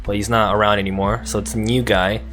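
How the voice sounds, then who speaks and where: A man's voice: lowish voice, flat delivery, quick pace, fairly bright tone, soft background music. A man hosting a casual podcast chat, laughing often and restarting his sentences. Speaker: podcast host. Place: lives in Japan.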